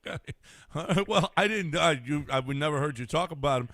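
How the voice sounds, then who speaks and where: A man hosting sports radio in a dry studio. His voice is bright and a touch high, and he pushes back on his guest with amused skepticism. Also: fairly quick, no echo. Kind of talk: casual sports radio chat.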